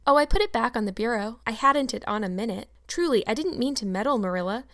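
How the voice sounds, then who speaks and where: A woman's voice: a little high, animated, fast, a bit bright. A woman reading aloud and voicing an earnest, talkative young orphan girl in a storybook. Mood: pleading. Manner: earnest, eager protesting.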